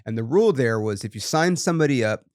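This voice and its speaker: A young man hosting a podcast, telling profane, animated stories in casual chat. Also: mid-range voice, fast talker, no echo, clean studio sound. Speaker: podcast host.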